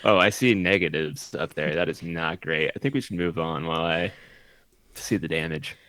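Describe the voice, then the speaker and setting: A man's voice: sits low, moderate pace, fairly bright tone, no echo. A man introducing himself as a tabletop player, rambling and flustered, mocking himself. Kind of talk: casual chat over an online call.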